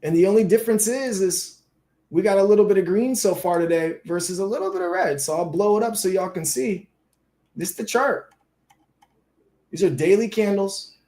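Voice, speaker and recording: A man's voice: high-pitched, moderate pace, dark tone. A man hosting a casual livestream, talking loose and slangy with frequent swearing. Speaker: livestream host.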